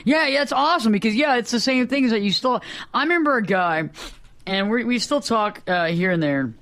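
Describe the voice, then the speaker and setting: A man hosting a radio talk show, telling anecdotes in lively casual chat and acting out the people in them. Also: very high voice, a little fast, no room sound. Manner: animated, acts out voices in anecdotes.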